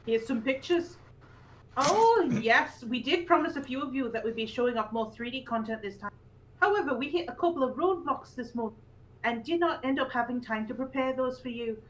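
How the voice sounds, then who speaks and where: A woman's voice: high voice, a bit bright, low-quality recording. A woman with a Yorkshire accent co-hosting a casual roundtable podcast, reading an email aloud with giggly asides. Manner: giggly, chatty, reads with frequent asides. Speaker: podcast co-host.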